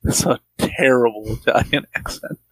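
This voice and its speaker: A man's voice: medium pitch, moderate pace, no echo, rough recording. A man co-hosting a casual film review podcast, tossing out sarcastic, profane wisecracks. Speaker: podcast co-host.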